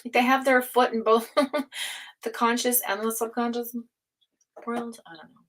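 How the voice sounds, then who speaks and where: A woman hosting a live tarot stream, chatting casually with viewers, laughing often and speaking of energy and higher self. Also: little pitch movement, measured pace, fairly bright tone, low-quality recording. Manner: chatty, reads out chat names and laughs often.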